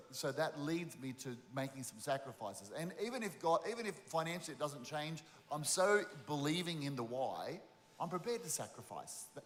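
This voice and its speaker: A man with an Australian accent, a pastor speaking earnestly in a conversational interview and often restarting his sentences. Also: medium pitch. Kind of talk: interview about giving. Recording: long reverb of a large hall.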